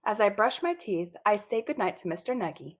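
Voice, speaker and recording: A woman reads a children's storybook aloud in the first person. Her telling is lively and childlike, with a husky, breathy voice at a mid pitch. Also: a little fast. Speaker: audiobook narrator.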